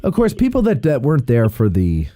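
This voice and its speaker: A man hosting a podcast in casual chat, telling stories in an animated, rambling way with an American accent. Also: medium pitch, a little fast. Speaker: podcast host.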